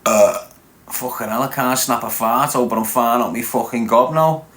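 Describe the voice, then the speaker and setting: A man's voice: medium pitch, normal speed, fairly bright tone. Brash, swearing Scouse man in his forties. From Liverpool, England. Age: 40s. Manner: brash, swearing, teasing viewers. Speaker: live streamer. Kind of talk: crude live-stream banter with chat.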